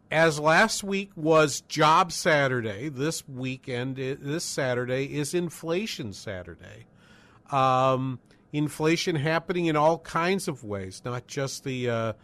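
A man's voice: medium pitch, a bit bright. Rambling older male radio talk host. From northern New England. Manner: rambling, conversational, many fillers and restarts. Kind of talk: casual call-in radio talk.

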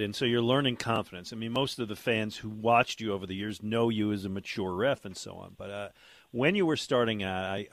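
A man's voice: on the low side, no echo. A male host interviewing a guest in a conversational way, leading with questions. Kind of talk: talk show interview.

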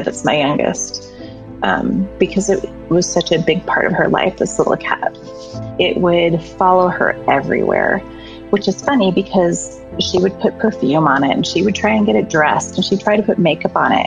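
A woman's voice: on the low side, vocal fry. A middle-aged woman candidly telling a personal story in an earnest, emotional way. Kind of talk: personal story told to an audience. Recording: slightly dull sound, faint music behind.

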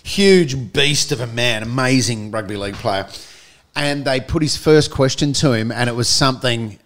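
A man's voice: mid-range voice, moderate pace, a bit bright. An Australian man co-hosting a casual sports chat, telling anecdotes and laughing along. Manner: chatty, laughs through his anecdotes. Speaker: podcast co-host.

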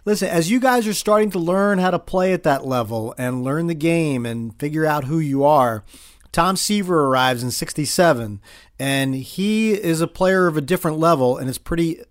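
A man hosting an interview, asking curious, engaged questions and reacting warmly to the stories. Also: on the high side, expressive, normal speed. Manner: curious, engaged questioner who laughs along. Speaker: interviewer, host. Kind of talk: conversational interview.

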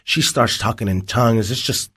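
Husky man telling his testimony. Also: mid-range voice, moderate pace, sharp tone. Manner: vivid storytelling, acts out dialogue. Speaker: interview guest. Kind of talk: personal testimony.

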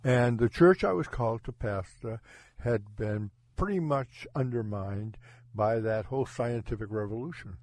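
A man who is a pastor, telling his faith story in an earnest, halting way with frequent restarts. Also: mid-range voice, darkish tone, dry recording. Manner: halting, self-correcting, earnest. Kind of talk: personal testimony in conversation.

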